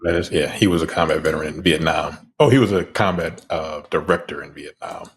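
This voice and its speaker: A man co-hosting a film podcast, chatting in an animated, profane way and laughing between lines. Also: rumbling low, brisk. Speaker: podcast co-host. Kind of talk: casual chat.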